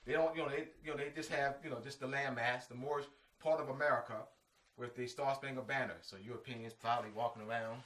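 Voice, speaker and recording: A man's voice: mid-range voice, fairly even intonation, fast talker, a bit bright. A man giving an informal lecture, emphatic and repetitive, full of slang asides like "man" and "you know what I mean". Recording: echoey room, mic at a distance.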